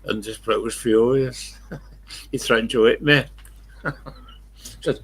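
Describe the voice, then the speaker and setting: A man's voice: mid-range voice, steady tone, unhurried. An older man hosting a live stream, chatting in a rambling, blunt way, swearing freely and correcting himself as he goes.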